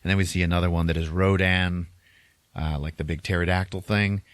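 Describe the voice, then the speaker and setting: Deep-voiced chatty podcast host. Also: male voice, little pitch movement, fairly quick, smooth, no echo. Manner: chatty, laughs often, acts out quotes. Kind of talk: casual movie recap.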